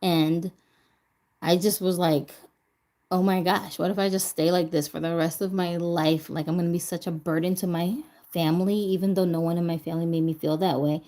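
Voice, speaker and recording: A woman's voice: fairly low pitch, flat delivery, moderate pace, warm tone. A woman vlogger chatting casually as she crafts, laughing often and talking to herself while she recovers from a stroke. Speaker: doll vlogger.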